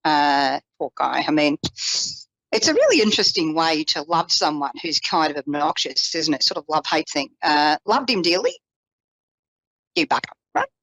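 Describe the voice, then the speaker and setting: Woman, psychic, animated storyteller, acts out quotes, casual asides, very expressive pitch. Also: moderate pace, dry recording, low-quality recording. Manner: casual, self-deprecating asides. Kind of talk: storytelling on a call-in psychic show.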